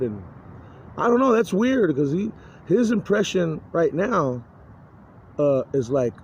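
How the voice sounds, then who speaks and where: A man's voice: a little high, darkish tone. A man giving a rambling, agitated personal monologue, cursing and stumbling through many restarts. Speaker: vlogger. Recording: dull lo-fi recording, faint noise.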